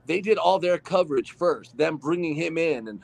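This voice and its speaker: A man from Arizona, an actor guest on a podcast, telling behind-the-scenes stories in a relaxed, rambling way with lots of fillers. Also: a little high, normal speed, creaky. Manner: relaxed storytelling with many fillers. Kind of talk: casual podcast interview.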